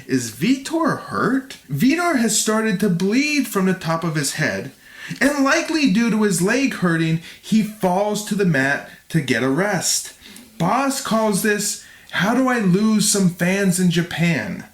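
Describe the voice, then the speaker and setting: A man's voice: high voice, sing-song, takes it slowly, reverberant. A man narrating a fight play-by-play for a podcast review, with jokes along the way. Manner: reads play-by-play, jokes and laughs. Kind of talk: narrating fight recap with banter.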